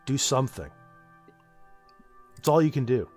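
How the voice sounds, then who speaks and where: A man's voice: mid-range voice, animated, unhurried, a little mellow, soft background music. A young man streaming and talking with his chat in a blunt, profane, ranting way. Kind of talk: casual livestream chat.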